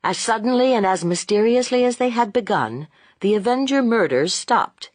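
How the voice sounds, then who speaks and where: A woman reading a classic novel aloud in measured, expressive narration. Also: a little high, dry recording. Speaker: audiobook narrator. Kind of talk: scripted narration.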